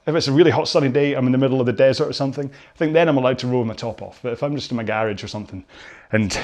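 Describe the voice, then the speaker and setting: A man's voice: medium pitch, a little mellow. A man hosting a rowing workout from his home garage, chatting casually in a rambling, jokey and self-deprecating way during the cool-down.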